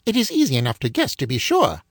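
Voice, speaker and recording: A man voicing a boastful know-it-all male magician in a storybook reading, speaking high and fast with big emphatic swoops. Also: wildly swooping pitch, no echo, studio quality. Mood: smug.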